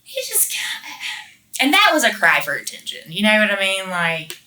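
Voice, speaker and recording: A woman's voice: medium pitch, huge pitch swings, moderate pace, sharp tone. A woman being interviewed, telling a rambling story in casual chat, full of swearing and fillers like "like" and "you know". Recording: roomy echo, mic at a distance.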